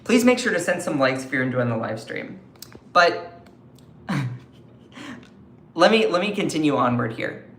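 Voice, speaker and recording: A man's voice: a little high, sing-song, measured pace, pauses often, fairly bright tone, reverberant, a little hiss or hum. A man with a Southern US accent giving emphatic political commentary on a live stream, often repeating and restarting his phrases. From Southern United States.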